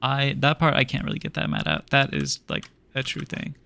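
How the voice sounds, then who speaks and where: A man's voice: medium pitch, sing-song, normal speed, gravelly, sharp tone, soft background music. A young man streaming a game, telling a long story in a rambling, exasperated way full of fillers. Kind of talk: casual storytelling while gaming.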